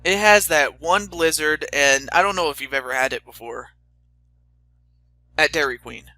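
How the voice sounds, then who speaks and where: A man's voice: fairly high pitch, normal speed, sharp tone, no echo. A young man hosting a casual chat, rambling with stammering restarts and fillers. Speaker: host.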